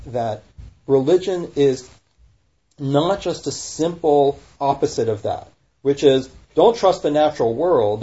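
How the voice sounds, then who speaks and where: A man's voice: medium pitch, warm tone. A man, a rabbi, talking casually and animatedly, firing rhetorical questions and correcting himself mid-sentence. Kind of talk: casual podcast discussion. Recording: dull lo-fi recording.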